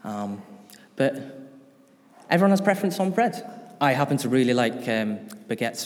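A man's voice: mid-range voice, very animated, normal speed, long pauses, long reverb tail. A man preaching an informal sermon in a church, chatty and often putting questions to the congregation.

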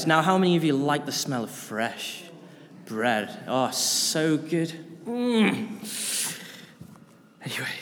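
A man's voice: a little high, long reverb tail. A man preaching an informal sermon in a church, chatty and often putting questions to the congregation.

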